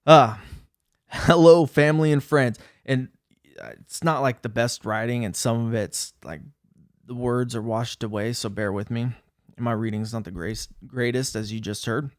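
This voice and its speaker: A man's voice: medium pitch, normal speed, dry recording, clean studio sound. Laughing, self-mocking man vlogger. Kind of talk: casual talking-head vlog.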